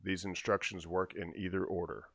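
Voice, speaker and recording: A low-voiced man hosts a podcast and calmly walks his co-hosts through tech news in a loose, conversational style. His voice is recorded dry and close, with no room echo. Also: normal speed. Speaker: podcast host. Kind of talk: casual chat.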